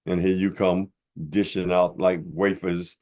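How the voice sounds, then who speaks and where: Older male commentator with a very deep voice, preacher-like, mocking and blunt in a heated rebuttal. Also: level tone, a little slow, darkish tone. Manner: blunt and informal. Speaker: religious commentator.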